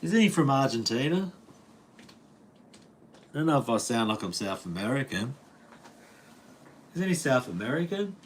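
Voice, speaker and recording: A man's voice: medium pitch, big pitch swings, a little slow, pauses often, slight background noise. Laid-back Australian man chatting on livestream. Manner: laid-back, jokey, laughs often, Aussie slang. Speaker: livestream host. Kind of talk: casual livestream chat reading comments. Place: home.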